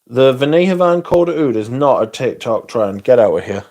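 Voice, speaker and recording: Male stream host, mid-pitched with a gravelly edge, sweary and sardonic. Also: lively intonation, moderate pace, a little mellow. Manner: sweary, sardonic, reads chat aloud. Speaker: livestream host. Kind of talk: casual livestream chat.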